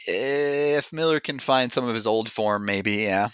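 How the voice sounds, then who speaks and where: A man's voice: mid-range voice, measured pace, a bit bright, clean tone, no echo. A man hosting a hockey podcast in casual chat, steering the talk and laughing easily. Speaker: podcast host. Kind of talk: casual sports chat and host-read ad.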